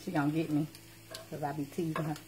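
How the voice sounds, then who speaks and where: A woman's voice: low voice, flat delivery, fast, dark tone, a little hiss or hum. A woman cooking at home on a live stream, chatting and teasing as she talks to her viewers. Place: home kitchen. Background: clatter of dishes and cutlery.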